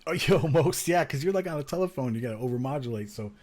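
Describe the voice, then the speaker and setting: A man's voice: mid-range voice, lively intonation, quick pace, darkish tone. A man co-hosting a podcast, laughing and directing a comedy bit in casual banter. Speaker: podcast co-host.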